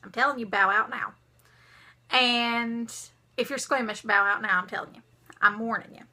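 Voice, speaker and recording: A young woman, telling a story to her vlog viewers in a dramatic, animated way. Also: fairly high pitch, normal speed. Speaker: vlogger.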